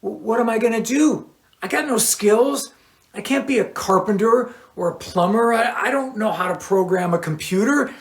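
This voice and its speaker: A man voicing an anxious thirty-year-old male lyricist who rambles in a higher, panicky pitch, recorded in a roomy space. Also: moderate pace. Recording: roomy echo.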